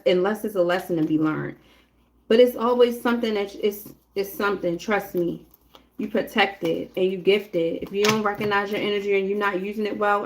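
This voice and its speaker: A woman giving a casual live tarot reading, talking bluntly and chattily straight to her viewers. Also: medium pitch. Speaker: tarot reader.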